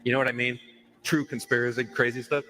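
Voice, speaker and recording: A man's voice: mid-range voice, little pitch movement, quick pace, bright, forceful tone, rough recording. A man in a played video, casually retelling a story as commentary.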